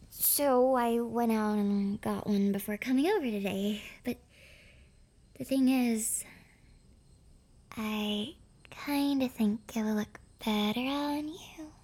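A young woman voicing a clingy, possessive, obsessive girlfriend in a whispered role-play, with breathy whispers broken by giggles. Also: fairly high pitch, a little mellow.

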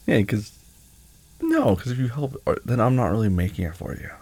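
A young man in a one-sided boyfriend role-play, talking to the listener in a gentle, teasing, affectionate way. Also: lowish voice, animated, fairly quick, slightly rough, no echo.

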